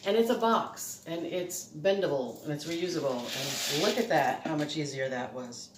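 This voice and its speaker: A woman's voice: low voice, normal speed, roomy sound, noisy background. A middle-aged woman chatting casually as she demonstrates a recipe at home, a little breathless, rambling and laughing often. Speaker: cooking vlogger. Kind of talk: casual home cooking demo. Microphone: phone camera.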